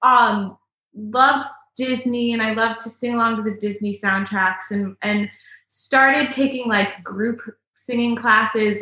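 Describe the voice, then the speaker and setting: A woman's voice: medium pitch, sharp tone, echoey room, rough recording. A woman singer chatting as an interview guest in an earnest, enthusiastic way. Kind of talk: casual interview chat.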